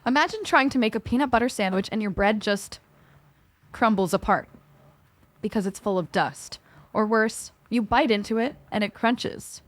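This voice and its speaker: A woman's voice: fairly high pitch, normal speed, no echo. A woman co-hosting a scripted podcast, talking in a playful way full of gaming slang. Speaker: co-host.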